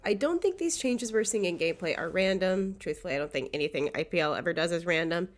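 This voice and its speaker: A young woman hosting a video essay, talking in an earnest, enthusiastic way while sick, with a nasal, congested voice. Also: lowish voice. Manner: earnest, enthusiastic, with occasional fillers. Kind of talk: scripted video essay commentary.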